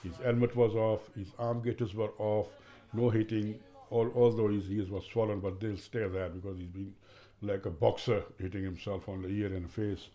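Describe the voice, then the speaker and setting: A man, a father and carer, speaking in an interview in a halting way and often saying "you know". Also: on the low side, level tone, warm tone.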